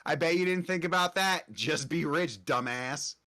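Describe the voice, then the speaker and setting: A man's voice: on the high side, moderate pace, no echo, clean studio sound. Swearing young man on voice chat. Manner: loud, swearing, joking. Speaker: gaming stream guest. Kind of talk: casual gaming banter.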